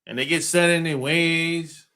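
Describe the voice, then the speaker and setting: A man's voice: a little high, steady tone, a little slow, pushed and bright. A man hosting a podcast, talking in a blunt, slangy, rambling monologue and laughing often between lines. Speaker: podcast host. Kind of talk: casual monologue.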